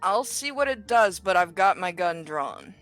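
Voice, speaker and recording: A woman's voice: fairly low pitch, expressive, measured pace, a bit bright, faint music behind. A woman playing a tabletop game, speaking bluntly and plainly. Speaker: player.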